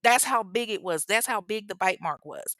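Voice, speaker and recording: A woman hosts a true-crime podcast and tells the case like gossip between friends, swearing freely and breaking off to laugh with her listeners. Her voice sits in a middle pitch, recorded close and dry with no room sound. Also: animated, moderate pace, fairly bright tone, no echo. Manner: chatty and profane, laughing asides to listeners. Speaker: podcast host. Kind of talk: casual true-crime storytelling.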